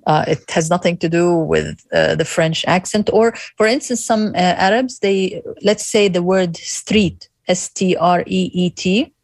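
A woman's voice: lowish voice, unhurried, hardly any pauses, dry recording. Woman co-hosting a radio show. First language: Arabic. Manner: laughs often, many fillers and restarts. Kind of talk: casual radio talk.

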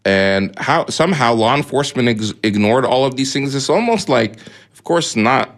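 A man's voice: mid-range voice, animated, moderate pace. A man co-hosting a radio talk show, explaining news in a chatty way with fillers and asides.

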